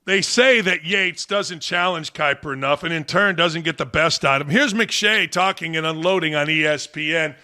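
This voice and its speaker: A man's voice: on the high side, normal speed, few pauses, bright, forceful tone. A man hosting a sports talk show, ranting bluntly and scornfully in an exasperated way. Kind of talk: opinionated podcast rant.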